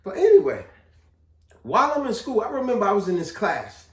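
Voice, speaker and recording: A man vlogging, telling a personal story in a casual, slangy, animated way. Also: sits high, fairly quick. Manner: animated, slangy, repeats himself. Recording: echoey room, distant mic.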